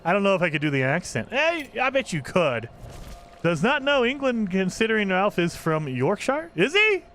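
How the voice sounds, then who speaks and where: A man streaming a video game live, chatting in excitable, rambling asides about what he sees. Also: high voice, moderate pace, slight background noise. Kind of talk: live gameplay commentary. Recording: over game music.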